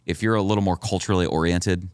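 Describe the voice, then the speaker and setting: A man co-hosting a casual podcast as a pastor, relaxed and joking, with affirming replies. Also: low voice, fast, clear, resonant tone, no echo, studio quality.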